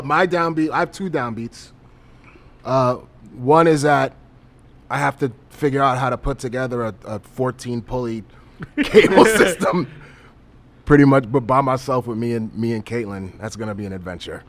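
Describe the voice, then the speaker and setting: A man's voice: medium pitch, moderate pace, a little hiss or hum. A man hosting a casual podcast, joking around and swearing freely as he tells stories. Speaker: podcast host.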